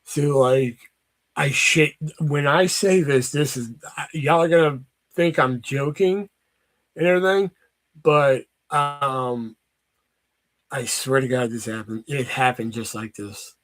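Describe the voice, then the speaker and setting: A man's voice: mid-range voice, takes it slowly, fairly bright tone. A young man telling a rambling, profane story in a casual vlog, with lots of fillers. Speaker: vlogger.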